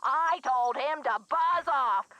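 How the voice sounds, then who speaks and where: Older game lady, ex of a gangster, folksy drawl, bright tone, slightly high. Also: slow, lo-fi sound, faint music behind, exaggerated voice. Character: older woman, gangster's former sweetheart, folksy. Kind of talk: video game voice acting.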